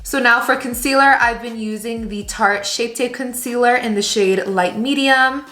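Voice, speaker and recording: A woman's voice: on the high side, moderate pace, pushed and bright, reverberant, soft background music. A young woman chatting casually through a hair and makeup tutorial at home, upbeat and full of product recommendations. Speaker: beauty vlogger. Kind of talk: casual get-ready-with-me tutorial. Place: room at home.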